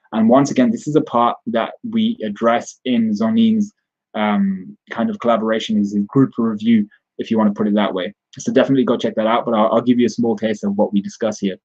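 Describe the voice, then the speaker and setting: A man's voice: fairly low pitch, darkish tone, breathy edge, lo-fi sound. A man giving a casual spoken recap and review of a comic chapter, rambling with frequent restarts and self-corrections.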